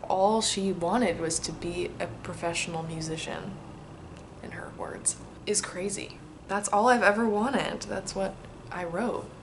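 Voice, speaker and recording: A woman in her twenties reading aloud a letter she wrote to herself and answering its questions in a casual, chatty, excitable and reflective way. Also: fairly low pitch, slight background noise. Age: 20s.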